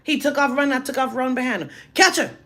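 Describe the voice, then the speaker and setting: A woman telling a personal story in a casual monologue, animated and emphatic, with heavy profanity. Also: high-pitched, very fast.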